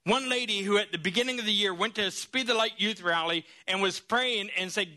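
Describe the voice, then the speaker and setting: A man preaching a sermon, telling a story in an animated, lively way. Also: high voice, fairly quick, hardly any pauses.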